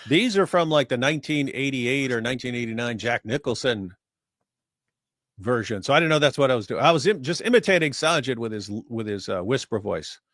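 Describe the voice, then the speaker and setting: A man co-hosting a casual livestream, talking in a deadpan, ironic way. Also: medium pitch, a little fast, dry recording, studio quality. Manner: deadpan, ironic, tries impressions. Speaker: livestream co-host.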